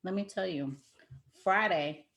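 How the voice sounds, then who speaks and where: A woman hosting a casual talk show, telling stories in a lively way and acting out what people said. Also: on the low side, unhurried. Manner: lively storyteller who acts out quotes. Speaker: host. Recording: roomy echo.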